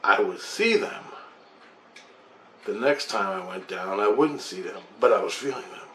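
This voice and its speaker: A man's voice: on the low side, lively intonation, unhurried, a bit bright. A middle-aged man telling a long personal story in a rambling, profane, intense way. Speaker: vlogger telling his own experience. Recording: echoey room with faint background noise.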